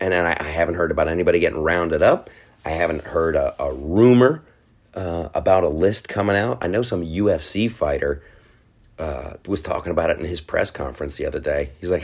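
Deep-voiced, animated man ranting. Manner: rambling, animated, with restarts and mimicked quotes. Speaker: podcast host. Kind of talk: casual solo podcast monologue.

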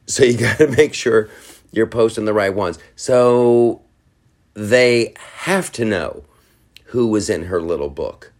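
A man hosting a podcast, talking in a rambling, animated solo monologue with frequent restarts and quick mimicked quotes. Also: fairly low pitch. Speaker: podcast host.

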